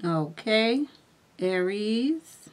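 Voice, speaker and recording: A woman giving a spiritual tarot reading, who talks viewers through guided breathing and reads cards with lively, chatty asides. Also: mid-range voice. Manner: slow, soothing guided breathing, then excited and laughing at the cards. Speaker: tarot reader.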